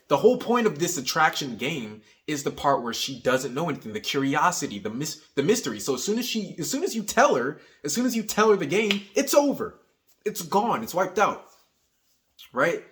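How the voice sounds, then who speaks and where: A young man giving casual dating advice, energetic and teasing, tagging his points with "right?". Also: fairly high pitch. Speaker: dating coach. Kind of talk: casual coaching monologue.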